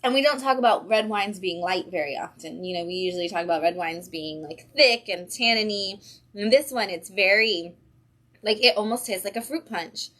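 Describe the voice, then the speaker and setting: Bright, upbeat woman hosting a livestream. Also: mid-range voice, moderate pace. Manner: upbeat and chatty, with frequent ums. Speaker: comic shop livestream host. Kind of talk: casual livestream chat. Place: comic book shop.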